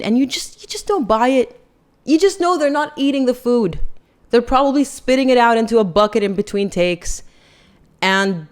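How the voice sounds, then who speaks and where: A woman hosting a podcast, giving chatty, sarcastic and critical commentary. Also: a little high. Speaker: podcast host. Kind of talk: casual opinion commentary.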